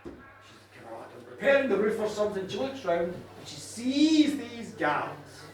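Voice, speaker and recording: A man's voice: high voice, big pitch swings, unhurried. A man telling an old myth live to an audience in a pub, with chatty asides. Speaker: storyteller. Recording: echoey pub room from far off. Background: faint room ambience.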